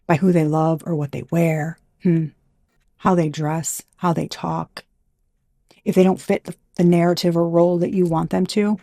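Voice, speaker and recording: A woman's voice: on the low side, little pitch movement, moderate pace, vocal fry, warm tone, dry recording. A woman giving a casual channeled tarot reading, blunt and profane, who gets fired up, trails off and restarts often. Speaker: intuitive tarot reader.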